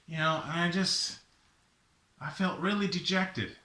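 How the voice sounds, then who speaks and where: A middle-aged man telling a personal story in an animated way, acting out the voices of himself and his father. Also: high-pitched, a little slow, long pauses. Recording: echoey room.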